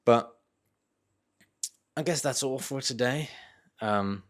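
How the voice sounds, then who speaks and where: A young man talking casually and thoughtfully to camera, pausing and restarting as he thinks aloud. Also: mid-range voice, fairly bright tone. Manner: thoughtful, hesitant, with fillers and restarts. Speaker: vlogger. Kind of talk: casual reflective talk to camera.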